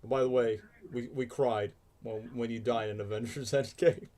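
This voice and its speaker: A man hosting a casual reaction livestream, jokey and excitable, chatting with friends over trailers. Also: medium pitch, moderate pace. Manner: excitable, jokey, bursts into loud silly shouts. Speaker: livestream host. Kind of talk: casual reaction stream chat.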